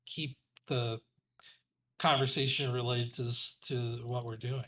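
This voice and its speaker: A man's voice: medium pitch, unhurried. A man as game master, politely steering his players back on track. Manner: calm, polite, redirecting the table. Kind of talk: running a tabletop game.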